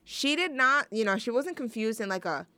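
A woman's voice: on the high side, animated, normal speed, sharp tone, clean tone, dry recording. Young woman rambling as a radio host. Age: young adult. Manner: rambling, self-deprecating and jokey. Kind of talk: casual radio chat between songs.

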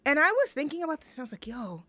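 A young woman from New York hosting a show, chatting casually and gushing excitably, with lots of filler words and slang. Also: sits high, rapid-fire, no room sound. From New York, USA. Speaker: show host introducing songs. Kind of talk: casual chat.

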